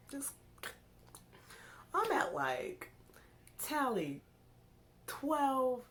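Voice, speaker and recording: A woman's voice: low-pitched, vocal fry, slight background noise. A young woman casually telling a story on her vlog, acting out her own panicked words as she goes.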